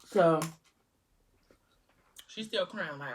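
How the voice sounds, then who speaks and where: A woman with a husky, breathy voice talks through a book's plot in a loose, chatty way, quoting the characters as she goes. She sits a little back from the mic, so her voice sounds slightly distant. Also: low-pitched, measured pace, long pauses, a little mellow. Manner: retells scenes loosely, quoting characters with "he was like". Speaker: book vlogger. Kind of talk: casual book recap while eating.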